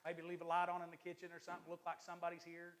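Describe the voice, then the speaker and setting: A man, an assistant pastor, preaching a lively, joking sermon to his church congregation. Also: fairly high pitch, very fast.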